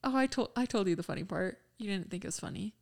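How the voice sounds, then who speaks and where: A woman's voice: mid-range voice, expressive, quick pace, vocal fry, darkish tone. A young woman co-hosting a podcast, telling stories in a chatty, giggly way with lots of "like"s. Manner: chatty storyteller, giggly, many "like"s. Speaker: podcast co-host. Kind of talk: casual chat.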